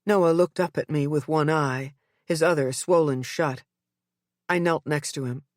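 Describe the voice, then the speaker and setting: A woman's voice: deep voice, darkish tone, dry recording, clean studio sound. Woman narrating a tense first-person thriller. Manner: tense, measured storytelling. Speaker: audiobook narrator.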